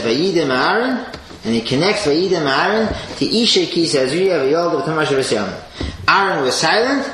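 A man teaching a Torah class with an animated delivery, swinging between loud emphasis and quiet asides and sprinkling in Hebrew and Yiddish terms. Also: a little high. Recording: echoey room with faint noise.

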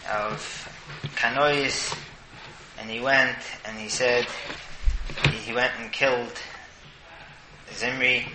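A man gives a casual Torah talk in a mid-pitched voice, animated and often stumbling over repeated words. The room around him is echoey. Clear noise sits in the background. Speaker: Torah teacher.

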